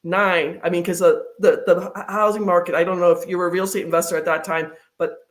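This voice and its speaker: A woman's voice: lowish voice, steady tone, quick pace. A woman guest in a casual interview, telling chatty stories with plenty of fillers. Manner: chatty storyteller, many fillers.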